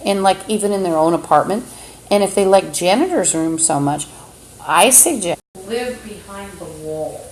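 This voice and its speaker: Speaking into her phone on a livestream, a woman rambles in an agitated monologue and swears often. Her voice is medium-pitched with a darkish tone, and the recording has a roomy echo and a faint hum behind it.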